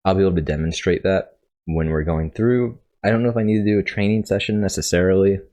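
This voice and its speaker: Low-voiced congested man explaining code. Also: fast talker, mellow. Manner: rambling, self-correcting, thinking aloud. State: congested, coughing. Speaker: coding tutorial host. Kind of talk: casual screen-share coding tutorial.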